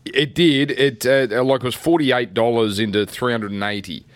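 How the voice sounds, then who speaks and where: Animated Australian man, casual chat. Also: moderate pace, no room sound. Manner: animated storyteller, jumps high when excited. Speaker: radio sports co-host.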